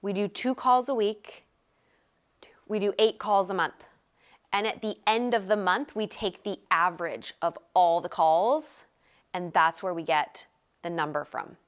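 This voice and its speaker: A woman in her thirties coaching a group on a live video call, talking energetically in quick bursts and repeating phrases for emphasis. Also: medium pitch. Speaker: sales coach.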